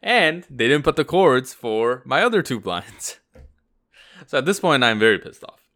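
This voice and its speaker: A man's voice: medium pitch, sing-song, normal speed, a bit bright. A man co-hosting a podcast, telling a long personal story in a rambling, casual way. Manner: rambling anecdote with acted-out quotes. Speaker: podcast co-host.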